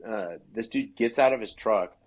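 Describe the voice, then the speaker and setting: A man's voice: lowish voice, moderate pace, rough recording. A man from Idaho, a podcast guest, telling a hunting story in a chatty way full of "like" fillers. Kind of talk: casual storytelling.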